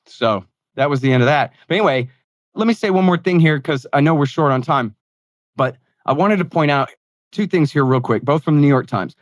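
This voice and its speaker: A man speaking as a guest in a casual interview, making his points in an emphatic, fast-flowing, opinionated way with sardonic asides. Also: medium pitch, no echo.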